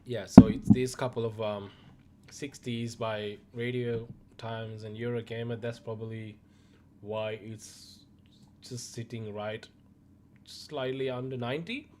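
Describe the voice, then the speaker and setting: A man hosting a gaming news show, chatting casually to viewers in a relaxed, rambling way with many fillers. He is losing his voice and coughs now and then. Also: mid-range voice, a little slow, heavy background noise.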